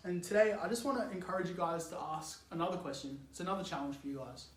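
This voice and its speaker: Young male youth speaker, casual and animated, high voice, echoey room. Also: fast. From Australia. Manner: animated, chatty, laughs often, lots of "like". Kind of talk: youth sermon, casual storytelling.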